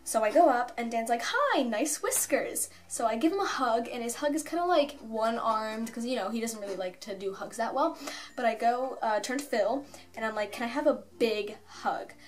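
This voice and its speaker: A young woman telling a rambling, excited story for her vlog at home, full of "like" and asides. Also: a little high, a little fast. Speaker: fan vlogger.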